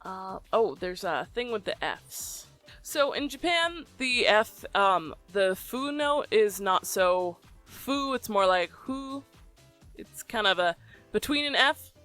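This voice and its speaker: A voicebank creator talking through a recording tutorial in a relaxed, chatty way, often pausing with ums. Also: medium pitch, faint music behind. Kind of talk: casual tutorial explanation.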